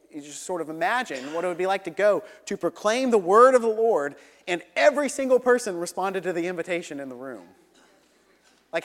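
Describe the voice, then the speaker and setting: A young man preaching a sermon, earnest, dropping to a low hush for emphasis. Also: big-room sound. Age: young adult.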